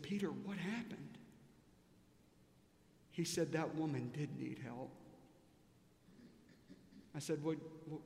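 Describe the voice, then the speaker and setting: Male pastor, fairly high voice, emphatic storytelling sermon, echoey church hall with long reverb. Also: a little mellow, a little hiss or hum. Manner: storytelling, emphatic, with pauses and fillers. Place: large church sanctuary.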